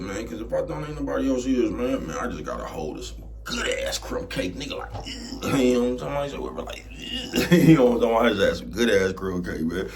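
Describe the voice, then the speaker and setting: A man's voice: medium pitch, slight background noise. A man ranting casually to camera in a laid-back, streetwise way, keeps asking "you know what I'm talking about". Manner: laid-back, gets loud and heated. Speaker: vlogger.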